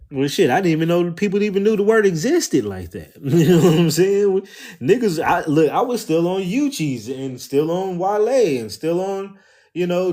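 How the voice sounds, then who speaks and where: A man's voice: mid-range voice, darkish tone. A man, talking casually and rambling on a live stream, swearing, using slang and greeting his viewers.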